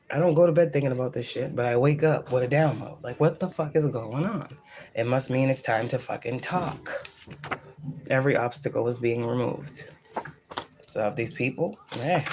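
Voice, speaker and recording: Here the psychic reader's very deep, slightly mellow voice comes with a bit of hiss or hum. She gives a casual channeled reading in a blunt, profane, rambling and preachy way, repeating phrases for emphasis.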